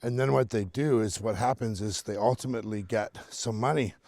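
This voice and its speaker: Middle-aged canadian guy vlogging on a walk, gravelly voice, dry close sound, laughs a lot. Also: lowish voice, brisk, a little mellow, no room sound. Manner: chatty, laughs often, greets neighbors and dogs. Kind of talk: casual walking vlog monologue. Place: outdoors on a snowy neighborhood street.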